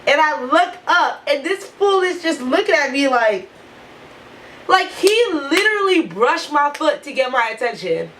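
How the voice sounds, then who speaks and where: A woman vlogger with a high voice tells a storytime straight to camera. She is animated and profane, with "like" in almost every phrase. A faint hiss of noise sits under her voice. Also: unhurried, low-quality recording. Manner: animated, profane, heavy use of "like". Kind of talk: storytime vlog.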